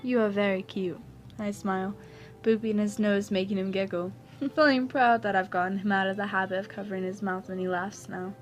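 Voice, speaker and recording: A woman reading fan fiction aloud as the story's narrator, her voice at a middle pitch and her delivery soft and even. She keeps a steady storytelling rhythm. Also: brisk, soft background music. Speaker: story reader.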